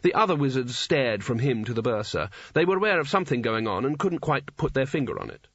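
A man narrating a fantasy audiobook in a wry, measured storytelling manner. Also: mid-range voice, animated, fairly bright tone, dry recording. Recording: dry, dull muffled recording.

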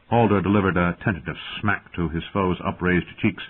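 A man giving measured scripted narration of an audiobook, heard through tinny phone-like audio. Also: deep voice, steady tone, slight background noise.

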